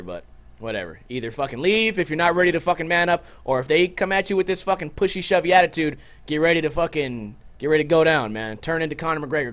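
A young man hosting a livestream, telling stories to his chat in a casual, profane, animated way and jumping into loud quoted outbursts. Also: fairly high pitch. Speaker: livestream host.

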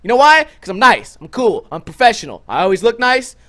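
A young man hosting a livestream, telling stories to his chat in a casual, profane, animated way and jumping into loud quoted outbursts. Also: high-pitched, a little fast. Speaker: livestream host.

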